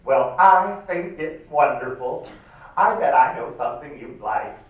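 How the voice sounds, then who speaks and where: A man voicing a gentle, romantic female schoolteacher, speaking slowly and fondly in a live stage reading in a large hall. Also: mid-range voice, expressive, highs cut off, natural voice. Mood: fond, wistful. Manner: slow, fond, gushing. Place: large performing arts hall. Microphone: far camera. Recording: echoey hall from far off.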